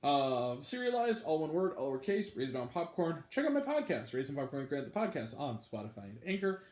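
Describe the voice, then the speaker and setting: A man's voice: on the high side, big pitch swings, brisk, darkish tone, reverberant. A man hosting a movie review video, chatty and enthusiastic, with bursts of swearing. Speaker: movie review channel host. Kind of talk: casual talk-to-camera review vlog.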